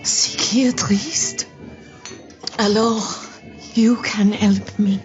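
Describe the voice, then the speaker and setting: A flirty Frenchwoman, slow and breathy. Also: medium pitch, steady tone. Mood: coy. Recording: dull film clip with music.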